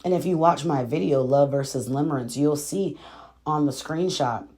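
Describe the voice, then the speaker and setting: Low-voiced woman recapping a show. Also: moderate pace, darkish tone. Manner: chatty, addresses viewers as y'all, acts out quotes. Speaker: reaction video host. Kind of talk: casual reality-show recap and commentary.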